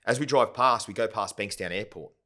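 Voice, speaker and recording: Fairly quick with a sharp tone, this man's voice runs on the low side. He's a company founder on a podcast, rambling through his story in a casual interview and peppering it with "yeah?" and "right?".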